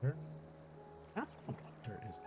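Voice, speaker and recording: A man's voice: unhurried, over loud music. A young Irish man streaming a game, chatting casually and thinking aloud in a rambling way, with casual swearing. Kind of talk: casual live-stream chat while gaming.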